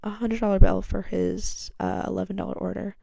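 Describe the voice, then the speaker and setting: A young woman spinning a casual story for her podcast, with a gravelly fry running through a dark, relaxed tone. She talks candidly, swears freely and leans hard on "like", and her voice leaps up when she quotes someone. The sound is close and dry, with no room around it. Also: a little fast, no room sound. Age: young adult. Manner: chatty and candid, swears freely, heavy use of "like"; animated when quoting others, with sharp jumps in pitch and loudness. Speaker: podcast host.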